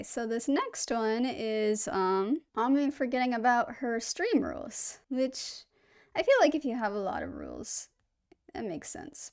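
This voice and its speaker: A woman hosting a reaction video, musing out loud and searching for words. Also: on the high side. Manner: thoughtful, hesitant, searching for words. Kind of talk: casual reaction commentary.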